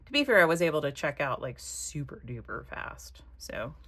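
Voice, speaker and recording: A woman chatting casually while she crafts, rambling from one thought to the next and dropping soft muttered asides. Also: sits low, very animated, moderate pace. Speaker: craft vlogger.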